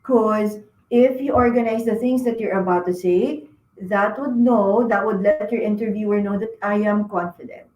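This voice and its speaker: A woman's voice: mid-range voice, steady tone, normal speed, darkish tone, roomy sound, poor audio. A woman giving interview advice to students, with lots of fillers and frequent "okay?" check-ins. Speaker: career talk speaker. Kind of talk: career advice talk to students.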